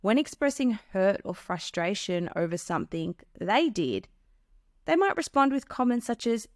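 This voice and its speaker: A woman's voice: medium pitch, big pitch swings, normal speed, no room sound, clean studio sound. A woman hosting a podcast, earnestly giving relationship advice and explaining with examples. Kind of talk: solo advice talk.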